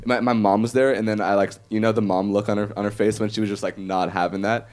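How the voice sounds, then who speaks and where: Easygoing male guest, deeper voice, faint lisp, unhurried. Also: steady tone, a little mellow. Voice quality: slight lisp when talking fast. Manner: laid-back, halting, filler-heavy. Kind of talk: casual chat.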